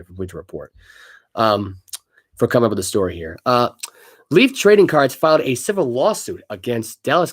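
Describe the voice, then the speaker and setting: Brief: male podcast co-host, mid-pitch voice, animated sports rants, stumbles over read-aloud news. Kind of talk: casual sports talk.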